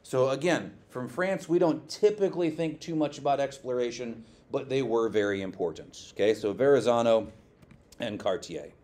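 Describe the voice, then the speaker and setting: A male teacher giving a classroom lecture, lively, quizzing his students and checking in with "okay" often. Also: medium pitch, moderate pace.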